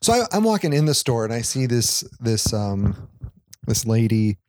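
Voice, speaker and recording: A man's voice: medium pitch, very animated, moderate pace, darkish tone, a little hiss or hum. A man co-hosting a podcast, telling a rambling story in casual chat, laughing often and swearing offhandedly. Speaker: podcast co-host.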